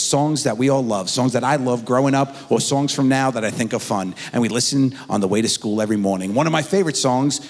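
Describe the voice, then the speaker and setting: Animated man doing stand-up in a hall. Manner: animated, acts out his kids in high squeaky voices. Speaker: stand-up comedian. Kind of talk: stand-up comedy storytelling. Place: theater stage before a live audience. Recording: stage mic in a large reverberant hall.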